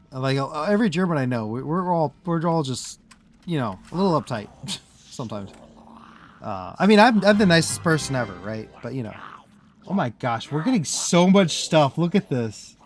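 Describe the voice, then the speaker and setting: A man's voice: fairly high pitch, very animated, moderate pace, pauses often. A man from the US Midwest streaming a game, chatting casually as he plays, rambling and breaking off mid-thought with frequent laughs. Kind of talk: casual live-stream commentary.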